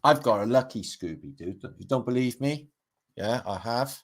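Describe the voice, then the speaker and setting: A man's voice: medium pitch, animated, normal speed. A middle-aged man, rambling and swearing through a casual livestream chat as its host. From Britain.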